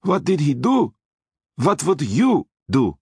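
A man's voice: on the high side, wildly swooping pitch, slow, slightly rough, no echo, clean studio sound, voice pushed up, full character voice. A man doing a menacing Austrian chauffeur. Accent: put-on Austrian. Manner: menacing, shouting, grimly emphatic.

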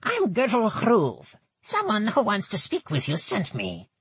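A man doing a nasal goblin woman, high. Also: wildly swooping pitch, unhurried, a bit bright, breathy edge, heavily acted. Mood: sly. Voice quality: thick nasal voice. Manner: sly, insinuating. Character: hunched scheming female goblin envoy. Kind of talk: audiobook narration.

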